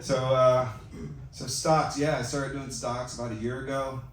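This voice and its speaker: A middle-aged man doing a stand-up comedy set, delivering deadpan self-mocking one-liners. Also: mid-range voice, unhurried. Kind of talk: open-mic stand-up set. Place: comedy club stage with audience. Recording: echoey club from far off, loud noise. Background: audience laughter.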